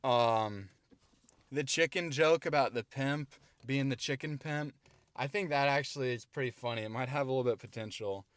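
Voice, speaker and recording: A man's voice: medium pitch, moderate pace, no room sound. A male stand-up comedian recapping his set in a casual vlog, laid-back and profane, judging his own jokes.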